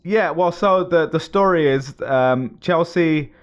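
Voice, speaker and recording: A man's voice: a little high, slow, dull audio. A man co-hosting a podcast, chatting casually and explaining at length in loose sentences, often laughing. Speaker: podcast co-host. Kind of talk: casual chat.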